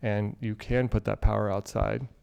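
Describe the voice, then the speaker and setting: A man's voice: lowish voice, moderate pace, vocal fry, slight background noise. A young man in casual chat, eagerly retelling a film with lots of fillers. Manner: animated storyteller, filler-heavy. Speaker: group participant. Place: online video call.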